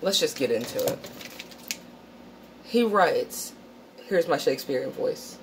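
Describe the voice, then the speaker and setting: A woman with a low voice talks slowly and bluntly to her viewers, swearing freely and filling her speech with "like" and "you know." A faint hiss sits under her voice. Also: animated, rough recording. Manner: blunt, profane and emphatic, with lots of fillers. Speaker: channel host. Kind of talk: casual vlog storytime.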